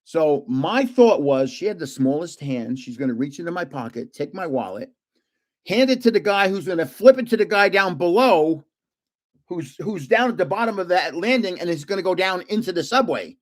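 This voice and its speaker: Older male host, lively rambling storyteller, slightly high voice. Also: normal speed. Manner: rambling, animated storyteller with bursts of emphasis. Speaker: livestream host. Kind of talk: casual storytelling.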